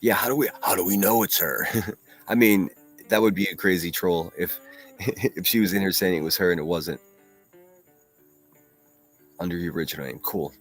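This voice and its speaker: Man, lowish voice, solo livestream host, casual and profane, reads chat comments aloud, faint music behind. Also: moderate pace, pauses often.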